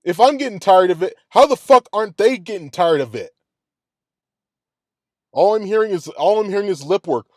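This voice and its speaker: Man, heated profane football rant, higher-pitched voice, dry close sound. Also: expressive, moderate pace, pauses often, dry recording. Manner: profane, heated, repeats himself. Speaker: sports podcast host. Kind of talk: angry sports reaction rant.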